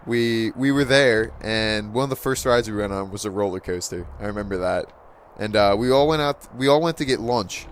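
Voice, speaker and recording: A man's voice: fairly low pitch, moderate pace. A man casually telling a rambling story with frequent chuckles and fillers, as a gaming channel host. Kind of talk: casual storytelling over gameplay.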